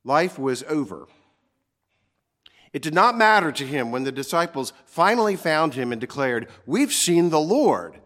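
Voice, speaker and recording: A man preaching a sermon, earnest and emphatic, slowing down to stress key words. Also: mid-range voice, expressive, sharp tone. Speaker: pastor.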